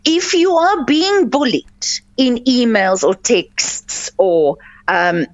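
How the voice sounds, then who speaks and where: Fairly high-pitched and expressive, she speaks at a slow pace in a dry recording. This life coach hosts a radio advice show, delivering earnest guidance peppered with fillers and false starts. The studio audio has a dull, lo-fi, dry radio quality.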